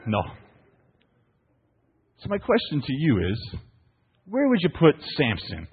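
A man preaching to his church, playful and full of stories, his pitch rising and falling a lot. His voice is husky and sounds thin, like a phone line. A long echo hangs in the hall behind it. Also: huge pitch swings, takes it slowly, pauses often. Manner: storytelling, playful, asks the congregation "right?". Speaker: pastor. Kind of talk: sermon.

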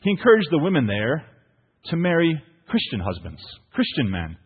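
A man preaching to his church, playful and full of stories, his pitch rising and falling a lot. His voice is husky and sounds thin, like a phone line. A long echo hangs in the hall behind it. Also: wildly swooping pitch, normal speed. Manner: storytelling, playful, asks the congregation "right?". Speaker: pastor. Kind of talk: sermon.

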